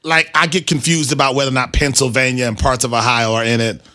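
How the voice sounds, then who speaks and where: A man with a Midwestern accent co-hosting a casual sports chat, animated and laughing easily. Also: medium pitch, fast. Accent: Midwestern American. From Milwaukee, USA. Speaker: podcast co-host.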